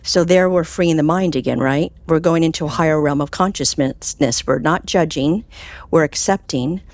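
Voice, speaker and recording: A woman, a clinical hypnotherapist, talking as a guest in an interview, telling stories with animated swings up in pitch and soft whispers on quoted phrases. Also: normal speed, dry recording. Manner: animated storytelling, voice jumping high with enthusiasm. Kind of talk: conversational interview.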